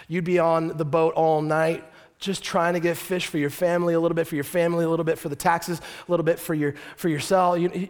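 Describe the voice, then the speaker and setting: A male pastor preaching a sermon, telling the story lively with joking asides to the congregation. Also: on the high side.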